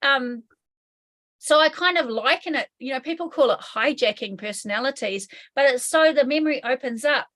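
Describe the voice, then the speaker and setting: NZ woman, hypnotherapy trainer as interview guest; fairly high, candid, swears casually. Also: normal speed, fairly bright tone. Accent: New Zealand. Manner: candid, swears casually, acts out inner voices. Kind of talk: explanatory interview talk.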